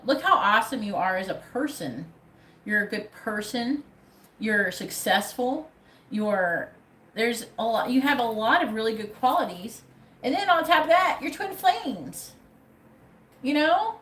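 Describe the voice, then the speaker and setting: A woman's voice: a little high, a bit bright. Blunt, profane woman reading tarot live. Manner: blunt, profane, pep-talk delivery. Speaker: tarot reader. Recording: echoey room with faint background noise.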